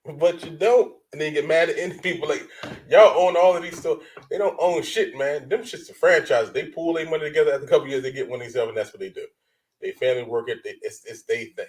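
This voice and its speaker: Animated guy on a reaction show, cusses a lot, kinda high-pitched. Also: fast talker, low-quality recording. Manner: animated, swears a lot, acts out quoted voices. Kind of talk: casual reaction commentary.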